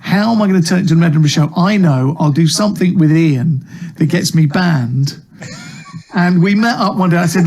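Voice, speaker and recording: A man's voice: high voice, a little fast, darkish tone. A man, a comic actor, chatting in an interview about his career, self-deprecating and full of restarts, speaking over a video call. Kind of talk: casual interview chat.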